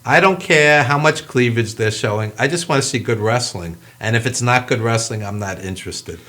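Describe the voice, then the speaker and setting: A man's voice: medium pitch, moderate pace. A middle-aged man hosting a casual interview, opinionated and talkative. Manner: lively, opinionated, fillers and restarts. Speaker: host.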